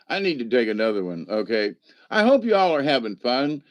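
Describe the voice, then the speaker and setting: Hosting a livestream, a man drifts from story to story, laughing a lot and pausing to respond to chat. His middle-pitched voice is sing-song and a little fast, with no echo and lo-fi sound.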